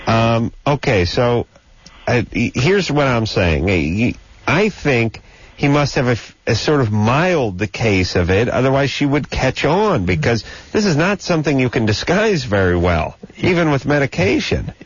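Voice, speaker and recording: A man's voice: mid-range voice, very animated, normal speed, breathy edge, no room sound. A man hosting a call-in radio show, teasing callers in a joking, sarcastic way. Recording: dull lo-fi radio broadcast.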